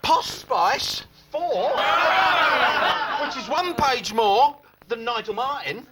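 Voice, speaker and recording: A man's voice: very high-pitched, expressive, slow pace, very noisy. A British man presenting breakfast television, teasing his co-host with jokey banter and silly repeated catchphrases. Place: TV studio.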